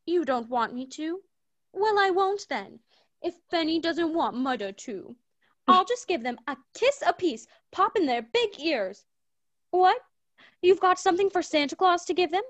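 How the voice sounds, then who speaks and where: A woman's voice: extremely high pitch, animated, measured pace, dry recording, muffled recording. A woman voicing a fussy, doting wife and mother who talks in a gushing, coaxing way, as in a radio play. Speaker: Mrs. Fountain.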